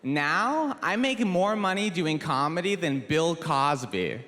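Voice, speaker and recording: A man performing a stand-up comedy routine on a theater stage, with a wry, deadpan delivery. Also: fairly high pitch, takes it slowly. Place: large theater stage before a live audience. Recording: echoey hall with crowd laughter.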